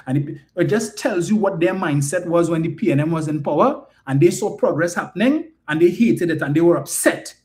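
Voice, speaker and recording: Indignant high-voiced Trinidadian man. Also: expressive, fairly quick, hardly any pauses, darkish tone. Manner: emphatic, indignant, fires rhetorical questions. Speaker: political commentator. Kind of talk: political commentary monologue.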